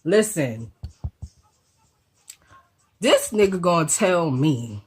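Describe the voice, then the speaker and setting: A woman with a low, husky voice, still getting over a cold, tells a story straight to her viewers. She talks fast and loose, full of slang and swearing, and keeps the story moving with lively asides. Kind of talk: casual storytime vlog.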